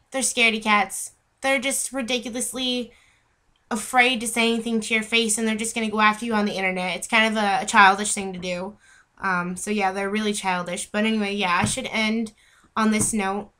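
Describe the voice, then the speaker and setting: A woman's voice: mid-range voice, sharp tone. A young woman, a vlogger, ranting heatedly and rambling to camera, often breaking off mid-sentence and apologizing for repeating herself. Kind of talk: unscripted rant to camera.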